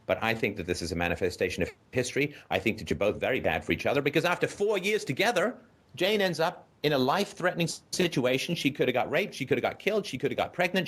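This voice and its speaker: A man's voice: a little high, a bit bright, breathy edge. A man hosting a call-in show, giving a caller blunt, profane advice in an emphatic, lecturing way and often asking "right?".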